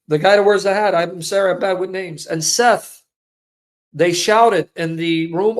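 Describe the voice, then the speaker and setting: A man's voice: high-pitched, steady tone, unhurried. A man in his fifties giving an emotional personal testimony, speaking emphatically and repeating phrases for weight. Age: 50s. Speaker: Christian apologist giving a testimony.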